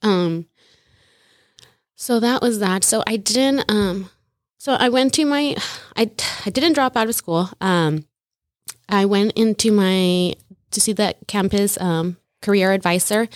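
A woman's voice: mid-range voice, slow pace, no echo, clean studio sound. A young woman as an interview guest, telling her story casually and often acting out quotes with lots of "like". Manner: chatty, often says "like" and acts out quotes.

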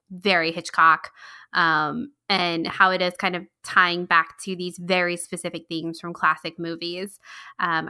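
Woman co-host, chatty fan talk, bright, slightly low voice. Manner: chatty, laughs often, many fillers. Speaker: podcast co-host. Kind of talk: casual fan discussion.

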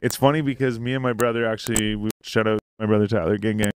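A man's voice: fairly low pitch, steady tone, quick pace. A man hosting a podcast in casual chat, rambling, swearing often and laughing easily. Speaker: podcast host. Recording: faint hiss.

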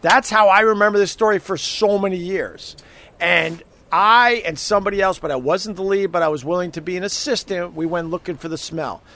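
A man's voice: sits high, brisk. A man telling a story in casual chat, animatedly acting out the people in it. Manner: animated storyteller who acts out quotes loudly. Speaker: storyteller recounting an old roommate story.

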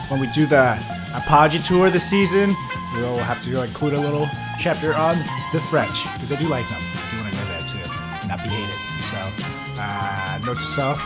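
A man co-hosting a podcast, talking casually with frequent swearing and laughter. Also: a little high. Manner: animated, swearing, laughing often. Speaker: podcast co-host.

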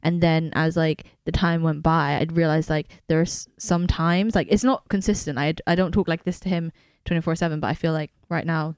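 A woman's voice: deep voice, steady tone, a little fast, few pauses, darkish tone, smooth, no echo, studio quality. A woman with a Filipino English accent, co-hosting a casual podcast chat, talking in a reflective, rambling way with many fillers. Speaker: podcast co-host.

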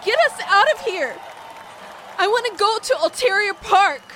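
A woman voicing a passionate, indignant female marmot activist in an audio story, speaking in a shrill, distraught way. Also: very animated, a little slow, fairly bright tone, some chatter behind, a little hiss or hum, heavily acted.

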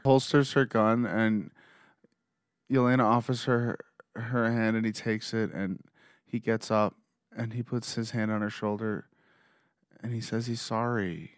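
Young man, lowish voice, dry close sound, emotional recap, excited asides. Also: measured pace, no room sound. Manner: emotional, reads scenes aloud with excited asides. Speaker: show recapper. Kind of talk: casual episode recap and reaction.

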